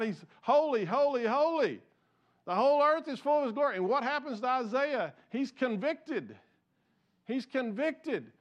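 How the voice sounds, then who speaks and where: Pastor guy giving a sermon, pretty high voice, casual joking style, keeps asking the room stuff. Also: a bit bright. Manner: conversational, jokey, asks the congregation questions.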